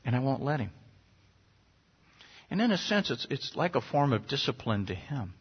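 A man's voice: mid-range voice, sing-song, moderate pace, breathy edge. A middle-aged man preaching a sermon, earnest and conversational, sometimes rising sharply for emphasis. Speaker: pastor. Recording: dull lo-fi recording.

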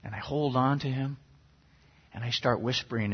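A slightly rough mid-range voice carries this middle-aged pastor's sermon at normal speed. Earnest and conversational, he sometimes rises sharply for emphasis; the recording sounds dull and lo-fi.

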